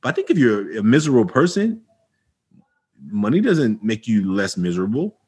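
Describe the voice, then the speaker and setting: Husky-voiced man telling an animated story. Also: normal speed. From Oakland, California. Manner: animated, acts out quoted dialogue with jumps in pitch; frequent restarts and fillers like "you know" and "right". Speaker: podcast guest. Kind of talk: casual storytelling interview.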